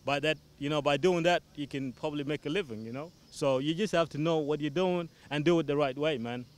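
Earnest man musician, slightly high voice. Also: fairly quick. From South Sudan. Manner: loose and earnest, leans on "you know". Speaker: musician guest. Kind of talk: casual interview answers. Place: television studio.

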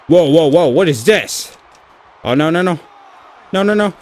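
A young man giving excitable live commentary over a wrestling video game, cheering and groaning at every move. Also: fairly high pitch, measured pace. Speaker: gaming channel host.

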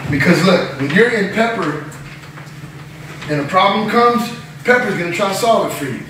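In a very echoey classroom with background noise, a high-voiced man sounds distant from the mic as he leads a lively, animated Bible-study sermon. He talks at normal speed, laughing and acting out voices along the way.

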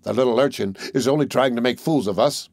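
Sly, jumpy thieves plotting in hushed tones, as a male narrator puts them on, only a little lifted from his normal voice. The sound is close and dry, with no room around it. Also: medium pitch, fast talker, no room sound, natural voice. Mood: furtive. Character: two scheming adult male thieves.

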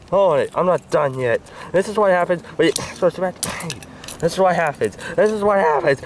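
A man acting out a homemade hand-puppet skit, squabbling and whining with bursts of shouting. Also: high-pitched, moderate pace, a little hiss or hum.

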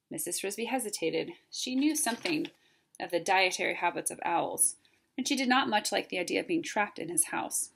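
A woman, a teacher, reading a chapter book aloud in a plain, steady way. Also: lowish voice, brisk, gravelly, husky. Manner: plain, steady reading with some self-corrections.

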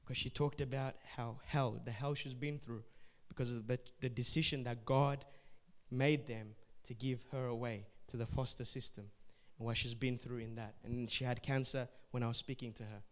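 A man, a pastor, preaching a sermon and telling stories, moving between hushed passages and forceful, emphatic ones, repeating words for weight. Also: mid-range voice, steady tone, moderate pace.

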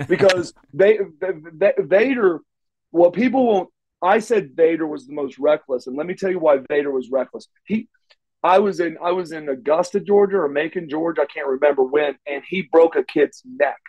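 A man's voice: on the high side, moderate pace, a little mellow, poor audio. Rambling middle-aged man telling wrestling stories. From Oklahoma, USA. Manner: rambling, restarts often, salty language. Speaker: interview guest, former wrestler. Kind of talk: shoot interview storytelling.

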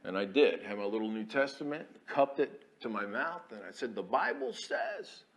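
A man, an Army chaplain preaching a folksy, storytelling sermon in a church, dropping to quiet asides and rising to loud declarations. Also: fairly low pitch, big pitch swings, normal speed. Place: church sanctuary.

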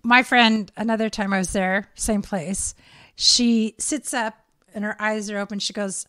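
A woman's voice: mid-range voice, unhurried, clear, resonant tone, no room sound, clean studio sound. A woman in her fifties co-hosting a casual podcast, telling stories and acting out the lines of the people in them. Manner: animated storyteller acting out quotes. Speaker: podcast co-host. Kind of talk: casual chat.

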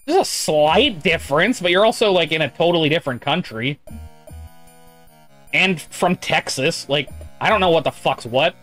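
Faint music plays behind a man who is live-streaming a game; his voice is fairly high and fairly bright, with lively intonation and a moderate pace. He rambles profanely, chatting casually and reading the chat out loud.

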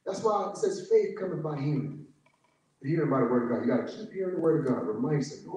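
A man's voice: medium pitch, expressive, quick pace, warm tone, lo-fi sound. A man preaching a sermon as pastor, emphatic and full of "glory to God" interjections, acting out little conversations in mocking voices. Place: church sanctuary. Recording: echoey church sound from a distance.

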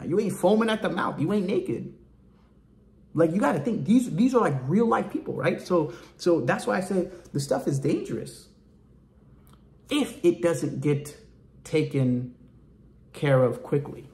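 A man's voice: a little high, darkish tone. A man giving an informal, emphatic preaching talk about faith in colloquial language. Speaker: ministry speaker.

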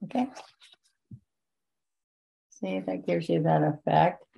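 A woman teaching a painting lesson, giving gentle, chatty step-by-step guidance as she works. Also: on the low side, steady tone, slow pace, creaky, slightly rough, muffled recording. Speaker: painting instructor. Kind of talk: relaxed painting demonstration.

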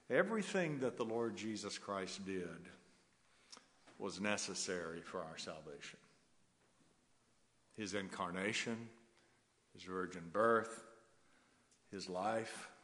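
A man preaching a sermon as pastor, emphatic and rhythmic, with soft chuckles now and then. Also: lowish voice, long reverb tail. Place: church sanctuary.

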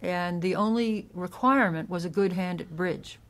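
A woman with a fairly low voice speaks as an author guest in a casual interview. She explains history at length, sometimes restarting her sentences as she goes. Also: moderate pace.

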